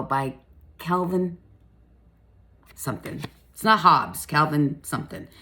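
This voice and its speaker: A woman giving a casual spiritual tarot reading, chatty and emphatic, laughing often and swearing now and then. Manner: laughs often, lively pitch swings.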